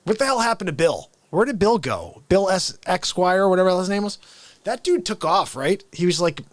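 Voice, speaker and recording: A man's voice: high-pitched, a little fast, no echo. A man hosting a daily live variety show, chatting casually and jokily and laughing often as he wanders from topic to topic. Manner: animated, jokey, laughs often, drifts off topic. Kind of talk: casual livestream chat.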